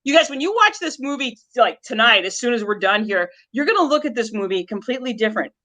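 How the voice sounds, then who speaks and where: A woman's voice: on the high side, sing-song, fast, bright, forceful tone. A woman co-hosting a casual podcast chat about a movie, talking in a chatty, enthusiastic, rambling way. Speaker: co-host.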